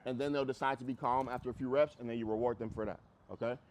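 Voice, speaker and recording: A man's voice: mid-range voice, steady tone, fast talker, a little mellow. A man teaching a group dog training class, talking bluntly and casually and repeating phrases for emphasis. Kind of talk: group class instruction outdoors.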